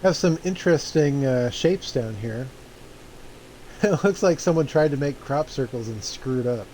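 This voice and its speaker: A man's voice: medium pitch, animated, a little slow, mellow, slight background noise, low-quality recording. A man casually commenting while he plays a flight simulator, laid-back and rambling, often chuckling. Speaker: streamer playing a flight simulator.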